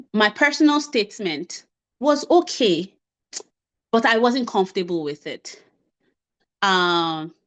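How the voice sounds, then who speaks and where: A woman's voice: mid-range voice, fairly bright tone. A woman giving a talk, telling a personal story in a chatty, self-deprecating way and acting out bits of dialogue. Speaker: invited speaker on medical residency.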